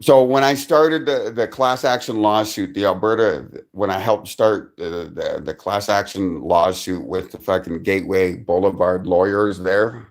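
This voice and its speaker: A man's voice: low-pitched, unhurried, few pauses. A man telling a rambling personal story on a live stream, swearing constantly and restarting his sentences.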